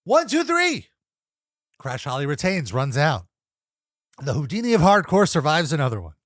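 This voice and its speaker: A young man talks through a wrestling recap in a casual podcast voice, his pitch swinging up and down as he gets excited. He laughs a lot and drops into quick impressions of wrestlers and announcers. The sound is close and dry, with no room around it. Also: dry recording. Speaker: co-host reviewing wrestling episodes.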